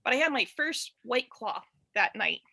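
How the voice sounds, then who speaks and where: A woman in her thirties from Detroit, her accent softened by years in the South. She tells a rambling story, laughing often, in a fairly high, bright voice recorded dry and close. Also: expressive, moderate pace, vocal fry, no echo. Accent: Detroit with a Southern tinge. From Detroit, USA. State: allergies, clearing throat. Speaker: guest storyteller. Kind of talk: casual chat. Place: in bed at home.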